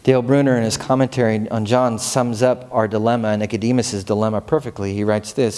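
A male pastor preaching a sermon, animated and storytelling, asking the congregation questions. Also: lowish voice, fairly quick, few pauses.

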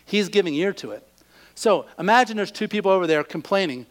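A man preaching a sermon, animated and acting out the voices of the people he quotes. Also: high-pitched, fairly quick.

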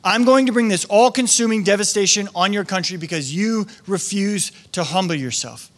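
Lively high-voiced male pastor preaching. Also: moderate pace. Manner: conversational, acts out quoted voices. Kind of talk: sermon.

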